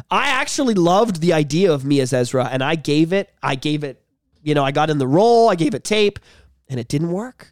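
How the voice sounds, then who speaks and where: Excitable swearing podcast host, dry close sound. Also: male voice, fairly high pitch, dry recording. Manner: swears freely, impersonates characters. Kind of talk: casual chat.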